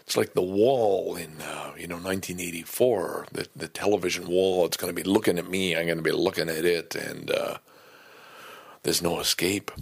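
A man's voice: low voice, fairly even intonation, moderate pace, vocal fry, husky. An older man hosting a podcast from his home basement, talking in a rambling, profane, worked-up way. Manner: ranting, profane, easily worked up. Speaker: podcast host. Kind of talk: casual rambling monologue.

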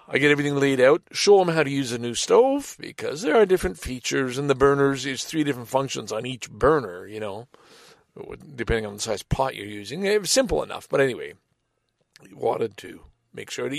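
A middle-aged man telling a casual personal anecdote in a rambling, halting way, with sighs and restarts. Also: mid-range voice, lively intonation, vocal fry, no echo, clean studio sound. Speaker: storyteller.

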